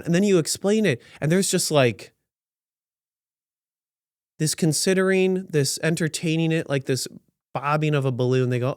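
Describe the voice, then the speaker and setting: A man's voice: mid-range voice, animated, moderate pace, no echo, studio quality. A man hosting a podcast, giving sarcastic and rambling commentary on news stories with many restarts. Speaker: podcast host.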